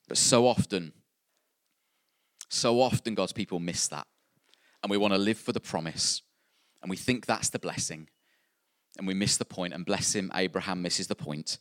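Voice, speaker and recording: A man's voice: on the low side, fairly bright tone, dry recording, clean studio sound. A man preaching a sermon, earnest and repeating key phrases for emphasis.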